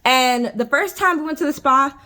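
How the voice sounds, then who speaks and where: A woman's voice: sits high, moderate pace, pushed and bright. A young American woman in her twenties talking casually to her camera indoors, chatty and exasperated, filling her talk with "like" and "I was just like". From United States. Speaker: vlogger. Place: indoor room with adjustable lighting.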